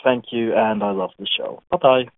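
A man's voice: medium pitch, expressive, moderate pace, no echo. A man calling in to the show with a playful, teasing question and leaving it as a voicemail. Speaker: caller. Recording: tinny phone line.

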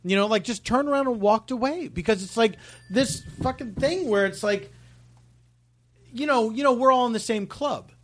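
A man's voice: extremely high pitch, normal speed, fairly bright tone, slight background noise. A man talking as a podcast guest, emphatic and indignant, saying "like" often. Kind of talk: casual podcast chat.

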